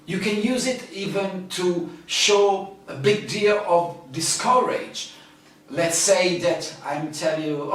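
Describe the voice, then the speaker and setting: A man with an Italian accent, teaching a language lesson online and slowly acting out everyday example phrases. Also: a little high, very echoey, distant mic. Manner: slow, explanatory, acts out example phrases.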